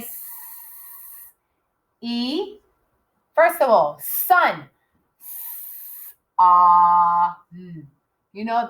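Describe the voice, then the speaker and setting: A woman kindergarten teacher giving a recorded writing lesson, slowly sounding out words and spelling them letter by letter in a patient, encouraging way. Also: fairly high pitch, poor audio. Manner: patient and encouraging, often checks with "okay?".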